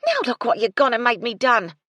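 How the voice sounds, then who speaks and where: A woman voicing a loud, bossy working-class cook who scolds and swears. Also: on the high side, huge pitch swings, a little fast, no echo, pitched above the performer's own voice, heavily acted. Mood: shouting. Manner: yelling, coarse, bossy.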